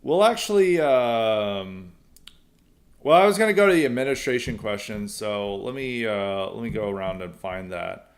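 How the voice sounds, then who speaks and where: A man's voice: on the low side, animated, moderate pace. A young adult man hosting a podcast, answering listener mail in a rambling way with frequent fillers and restarts. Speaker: podcast host. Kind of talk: casual mailbag commentary.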